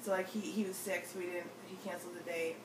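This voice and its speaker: A woman's voice: lowish voice, level tone, quick pace, background noise. A young woman telling a story to friends in a chatty way, saying "like" often and acting out what people said. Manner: chatty, heavy use of "like", acts out quotes. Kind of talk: casual storytelling chat. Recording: roomy sound, mic at a distance, faint ambience.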